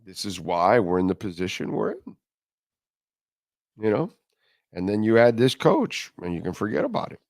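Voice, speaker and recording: A man's voice: fairly low pitch, sing-song, normal speed, creaky, long pauses, a little mellow, dry recording, clean studio sound. A man hosting a sports radio show, talking football in a blunt, profane, rambling way and reading sponsor ads. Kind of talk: casual sports talk and live ad reads.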